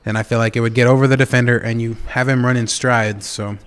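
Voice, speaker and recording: A man casting a video game football match, calling plays in a relaxed, chatty way with bursts of excitement. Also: medium pitch, clear, resonant tone. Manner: casual, chatty calls with quick bursts of excitement. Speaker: esports caster. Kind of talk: play-by-play commentary.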